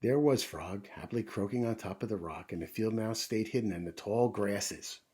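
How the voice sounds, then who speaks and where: A man reading a children's picture book aloud in a gentle storytime manner, pausing to explain things to young listeners. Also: fairly low pitch, slightly rough.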